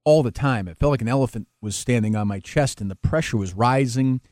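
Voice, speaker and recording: Man, radio host as interview guest, halting restarts, emotional, dry close sound, mid pitch. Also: a little mellow, dry recording. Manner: halting, many restarts, emotional and self-critical. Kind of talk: candid interview conversation.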